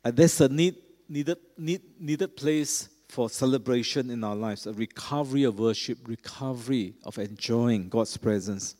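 Recorded amid a large church's long reverb, a middle-aged pastor delivers his sermon in a chatty way, often checking in with his congregation. He has a warm, medium-pitched voice at a moderate pace.

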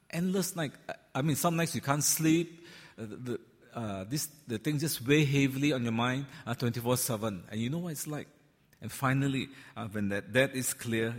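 Male preacher, sermon, conversational, breathy voice, church hall reverb. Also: medium pitch. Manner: conversational, teasing the congregation, frequent fillers. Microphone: handheld or stand microphone.

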